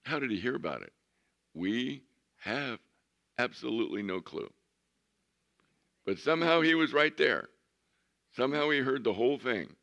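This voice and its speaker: Male pastor, very low and gravelly, conversational sermon delivery with slow stretched emphasis. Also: a bit bright, muffled recording. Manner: conversational storytelling, drawn-out emphasis.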